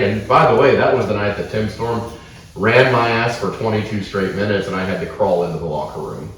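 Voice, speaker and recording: Podcast co-host, man, low voice, swearing storyteller, heard from off-mic in a roomy space. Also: slight background noise. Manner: profane, animated anecdotes. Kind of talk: casual storytelling chat. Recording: roomy echo, distant from mic.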